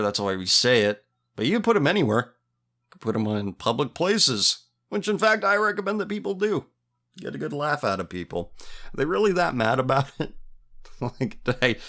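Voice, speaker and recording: A man's voice: medium pitch, a bit bright. A man hosting a casual podcast, reading listener messages and answering them in a sarcastic, mocking manner with frequent laughter. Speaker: podcast host.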